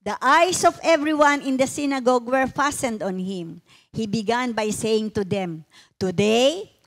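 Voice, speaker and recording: A woman co-leads a sermon, reading scripture and then talking conversationally. Her voice sits somewhat high. She moves freely between Tagalog and English. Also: a little slow. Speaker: pastor's wife, co-preacher.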